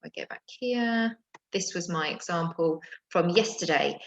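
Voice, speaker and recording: A woman's voice: fairly low pitch, lively intonation, moderate pace, gravelly, roomy sound, dull audio. A woman teaching primary school children in a recorded home lesson, explaining tasks patiently with the odd filler.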